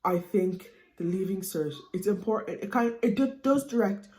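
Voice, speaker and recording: A woman's voice: mid-range voice, normal speed, roomy sound. A young Irish woman in her late teens, chatting casually and animatedly to camera as a student vlogger. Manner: chatty, animated, with lots of fillers like "you know what I mean".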